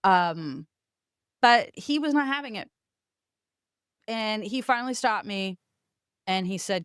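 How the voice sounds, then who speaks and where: A woman's voice: mid-range voice, lively intonation, slow pace, long pauses, fairly bright tone, clear, resonant tone, dry recording, studio quality. A middle-aged woman hosting a podcast, telling a personal story in a blunt, profane, self-mocking way. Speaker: podcast host.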